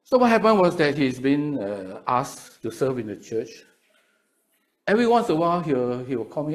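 A middle-aged man with a Singaporean English accent, preaching to seminary students in a lively, chatty way and often repeating his words. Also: medium pitch, moderate pace. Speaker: pastor.

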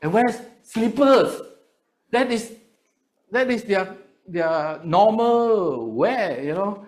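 A middle-aged man with a Singaporean English accent, preaching to seminary students in a lively, chatty way and often repeating his words. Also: high voice, takes it slowly. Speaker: pastor.

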